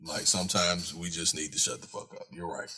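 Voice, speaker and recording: A man's voice: low voice, level tone, brisk, bright, forceful tone. A man co-hosting a casual podcast, talking animatedly, swearing freely and stumbling over repeated words as he acts out quotes. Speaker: podcast co-host. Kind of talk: casual chat.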